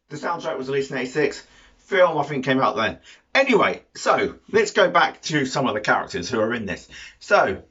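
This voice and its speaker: A man's voice: mid-range voice, fairly bright tone. A man giving a casual film review, rambling, losing his thread and correcting himself, with dry, mildly sarcastic humour. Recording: dull lo-fi recording.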